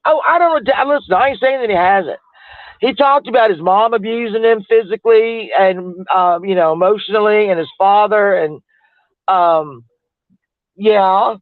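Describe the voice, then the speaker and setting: A high-pitched man with a drawl rambles casually and greets his viewers. His voice is thin and phone-like, dry with no room sound, in a loose chat-stream style. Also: no echo. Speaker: livestream host.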